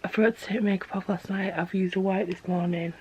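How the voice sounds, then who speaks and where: A young woman, chatting to camera in a vlog and retelling a story in a gossipy, animated way. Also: mid-range voice, fast talker, lo-fi sound, a little hiss or hum. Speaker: vlogger.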